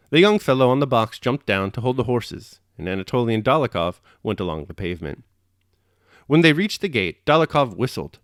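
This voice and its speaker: A man reading a classic novel aloud chapter by chapter, steady and measured, then reflecting on it. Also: medium pitch, no echo, studio quality. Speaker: audiobook reader and host.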